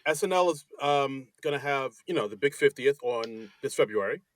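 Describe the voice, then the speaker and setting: A man from New Jersey co-hosting a casual comedy podcast, chatty and laughing often, halting on his words. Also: mid-range voice, expressive. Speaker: podcast co-host.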